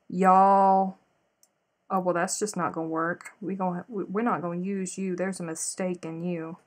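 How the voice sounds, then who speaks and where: A woman's voice: lowish voice, fairly quick, few pauses. Chatty woman telling stories. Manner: chatty, animated storytelling, addresses viewers directly. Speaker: crochet live stream host. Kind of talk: casual live chat while crocheting.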